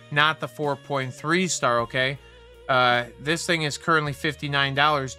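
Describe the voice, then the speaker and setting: A man's voice: medium pitch, bright, forceful tone. A young man hosting a livestream, ranting casually with heavy profanity and a heated, rambling delivery. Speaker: livestream host.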